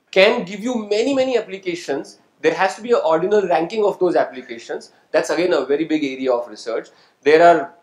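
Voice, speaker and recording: Man, guest lecturer, quizzes the audience, slightly higher voice, echoey lecture hall. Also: darkish tone. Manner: engaging, quizzes the audience and calls on people; asks "right?" to check understanding. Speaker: guest speaker. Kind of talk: interactive lecture to students.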